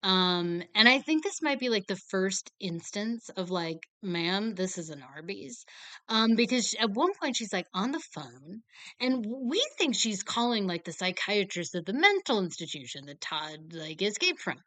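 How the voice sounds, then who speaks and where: A woman's voice: mid-range voice, very animated, normal speed, sharp tone, dry recording. A young woman chatting casually about horror films. She rambles and talks animatedly, with lots of fillers. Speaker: horror film reviewer. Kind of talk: casual chat.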